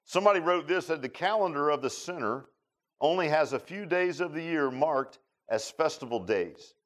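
At a moderate pace and fairly high pitch, a pastor preaches a folksy sermon in a church sanctuary. He's animated and laughs as he jokes with his congregation, calling on individuals by name.

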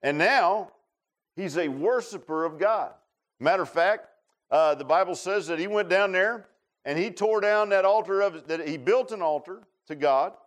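A man preaching a sermon. He talks in an animated way and keeps asking the congregation short questions. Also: high voice, normal speed. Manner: animated preaching with call-and-response asides. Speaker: pastor. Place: church sanctuary.

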